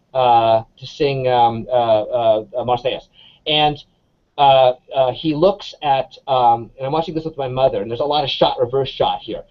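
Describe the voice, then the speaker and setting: A man, an English professor, chatting in an interview as an animated storyteller full of restarts and fillers. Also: mid-range voice. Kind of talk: casual conversational interview. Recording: dull lo-fi sound.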